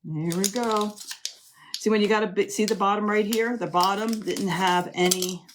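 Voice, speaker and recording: A woman's voice: mid-range voice, steady tone, moderate pace, noisy background. A middle-aged woman hosting a live crafting demonstration, chatty and gushing, often calling her viewers "ladies". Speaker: crafting live-stream host.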